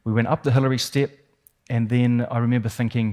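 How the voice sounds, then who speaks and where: Speaking fast in a warm, mid-range voice with fairly even intonation, a New Zealand keynote speaker shares a dramatic personal story. He leans on vivid, suspenseful detail and emphatic repetition.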